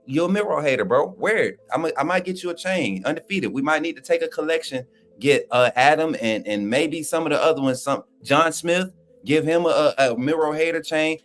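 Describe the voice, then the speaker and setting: Talking sports on a livestream he co-hosts, this man has a fairly high, expressive and fairly bright voice and speaks fairly quickly. He reads chat and keeps things casual, fired-up, slangy and trash-talking.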